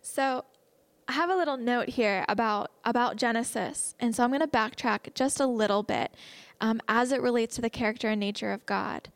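A young woman delivers a casual sermon in a slightly high voice. She talks in an earnest, conversational way, reading verses and reflecting on them. The sound is dry and close, with little room around it. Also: moderate pace, dry recording. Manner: earnest and conversational, slips into excited laughs. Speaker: speaker teaching a Bible message.

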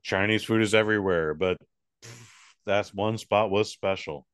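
A man's voice: on the low side, a little slow, clear, resonant tone, dry recording. Dry-voiced wry podcast co-host, man. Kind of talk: casual comedic chat. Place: San Francisco.

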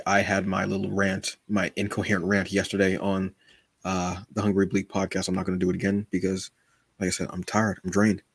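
Husky man hosting a podcast, dry sound. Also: low-pitched, no room sound. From United States. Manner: animated, says "brother" often, acts out quotes. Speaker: podcast co-host. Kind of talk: casual podcast chat.

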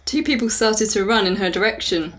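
A woman's voice: medium pitch, lively intonation, a little fast. A woman reading a novel aloud to friends in a casual way. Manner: reads aloud, breaks into laughter. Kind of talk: casual book reading with banter. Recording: loud background noise.

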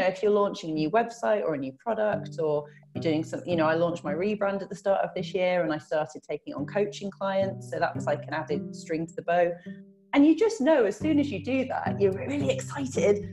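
Animated woman chatting on a podcast. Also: mid-range voice. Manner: animated, laughs often, acts out voices in quotes. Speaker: podcast guest, business owner and coach. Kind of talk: casual podcast chat.

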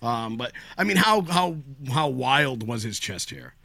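A man's voice: medium pitch, very animated, unhurried, creaky, sharp tone, dry recording. A man filling in as guest co-host on a film podcast, rambling and joking in casual chat. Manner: rambling, joking, stammering restarts.

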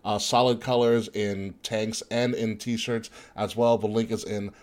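Easygoing low-voiced young man. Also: level tone, a little slow, a little mellow. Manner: easygoing, laughs often, loose plugs with fillers. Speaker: podcast co-host. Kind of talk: casual chat and merch plug.

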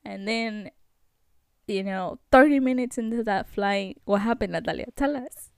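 A young woman hosting a vlog, telling a story in a chatty, animated way with lots of fillers. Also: medium pitch, moderate pace, creaky, clean tone, no echo. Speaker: vlog host.

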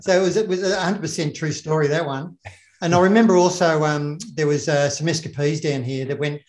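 Speaking briskly in a steady, darkish voice on the high side, a man who was once a special operations officer makes rambling small talk. Repeated words and frequent laughter run through it, captured with noticeable room echo.

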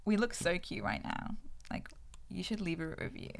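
A woman's voice: medium pitch, normal speed, gravelly. A young woman co-hosting a podcast in casual, effusive chat. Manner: bubbly, effusive, laughs easily. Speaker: podcast co-host.

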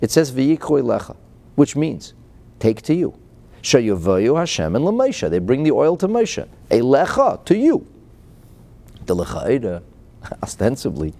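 A man teaching a Chassidic discourse with a mellow, warm tone. His pitch swings widely as he poses rhetorical questions and answers them, chuckling often. He reads out Hebrew phrases and then translates them into English. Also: a little slow, creaky, long pauses. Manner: lively, asks rhetorical questions, chuckles between points. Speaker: Torah teacher.

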